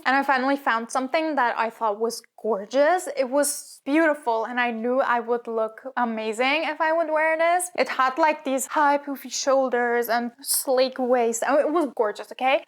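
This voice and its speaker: A woman with a notably high voice tells a story straight to her viewers in a casual vlog. Her delivery is animated and indignant, with plenty of sarcasm. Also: moderate pace, few pauses. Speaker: vlogger telling a story.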